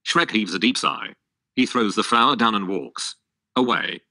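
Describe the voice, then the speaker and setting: A male text-to-speech voice reading stage directions as narrator, with a flat synthetic delivery and odd stresses. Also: fairly low pitch, moderate pace, creaky, no room sound.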